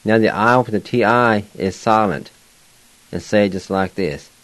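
A man's voice: fairly low pitch, normal speed, fairly bright tone, rough recording. A man teaching a language lesson on the radio, spelling words out letter by letter and pronouncing them with care.

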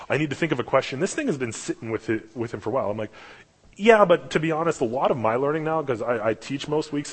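A man preaching a casual sermon, rambling through stories with restarts and fillers and acting out the dialogue. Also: medium pitch. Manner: acts out quoted dialogue in his stories. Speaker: lay preacher. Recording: echoey hall, long reverb.

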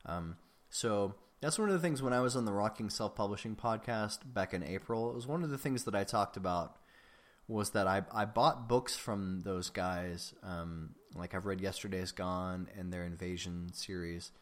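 Casual solo podcast host, a man with a lower voice who rambles and pokes fun at himself. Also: moderate pace. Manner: rambling and self-deprecating, with frequent ums.

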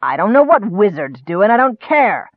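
A man's voice: a little high, big pitch swings, moderate pace, no room sound. A man voicing a surly half-human male goblin chief, growling and sneering, recorded dry and tinny. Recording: dry, tinny, narrow-band.

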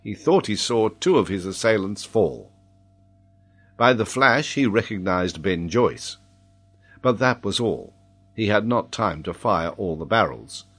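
A man narrating an adventure novel as an audiobook, reading in a measured, even way. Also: on the low side.

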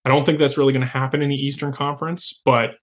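A man co-hosting a sports podcast in easygoing chat. He talks in a loose, rambling way, full of fillers and quick restarts, with a voice of ordinary middle pitch. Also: little pitch movement. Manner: chatty, frequent fillers and restarts. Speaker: podcast co-host.

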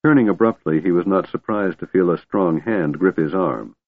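A man narrating a fantasy audiobook in a measured, dramatic way, in a tinny recording. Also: low voice, no echo.

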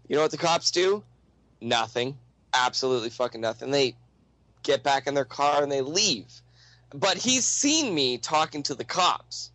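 A young man with a high voice tells a story in casual, profane speech. He laughs often and acts out the other people as he goes. The sound is dry and close. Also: lively intonation, moderate pace, fairly bright tone, no echo, rough recording.

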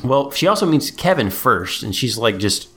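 A man's voice: medium pitch, very animated, pushed and bright, faint music behind. A man co-hosting a podcast, recapping a movie in casual chat and acting out characters' lines. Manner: acts out characters' lines in quick voices. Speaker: podcast co-host.

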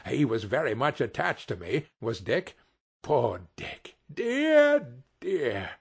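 A man voicing an emotional old man who exclaims with excitement. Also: mid-range voice, moderate pace, creaky, slightly rough, exaggerated voice. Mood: excited.

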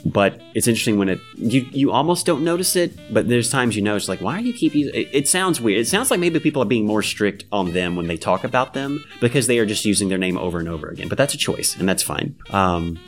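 A young man with a low voice hosts a casual podcast chat. His pitch swings widely as he tells the story, and he often pops into high voices to quote people. Soft guitar music plays faintly underneath. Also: quick pace, few pauses. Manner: animated, jumps into high-pitched voices when quoting people. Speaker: podcast host. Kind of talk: casual chat recapping a TV show.

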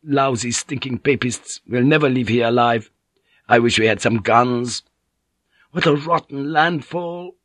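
A man's voice: medium pitch, a little slow, fairly bright tone, no echo, studio quality, pitched above the performer's own voice. A man voicing a frightened, toothless sailor who whines and grovels. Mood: whining. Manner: whining, fearful, then cringing.

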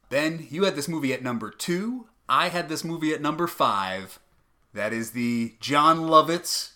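A man with a bright, ringing voice talks through a casual movie-ranking podcast. He argues his point playfully and laughs often as he goes. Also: a little high. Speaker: podcast co-host.

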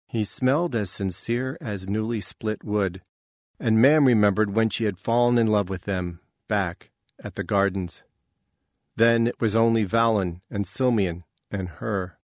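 A man reading a novel aloud in a measured, even storytelling manner. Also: lowish voice, dry recording, studio quality. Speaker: narrator. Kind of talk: scripted narration.

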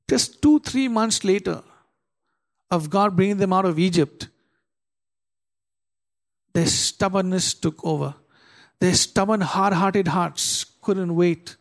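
A man preaching a sermon with an emphatic, rising delivery. He fires rhetorical questions at his listeners and slows right down to read scripture with weight. His voice sits a little higher than most men's. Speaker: pastor.

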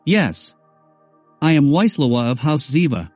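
A calm female warrior who speaks evenly and plainly, as a man reads her out. The reading is dry and close, over faint music. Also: fairly high pitch, unhurried, no echo. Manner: even, matter-of-fact.

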